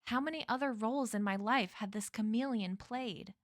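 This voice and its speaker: A woman reading a novel aloud as a stream host, in measured storytelling. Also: fairly high pitch, no room sound, clean studio sound.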